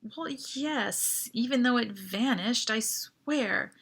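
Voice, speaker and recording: A woman's voice: fairly high pitch, slow pace, a bit bright, slightly rough, exaggerated voice. A woman voicing a frantic teenage boy. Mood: anxious. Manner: urgent, exclamatory.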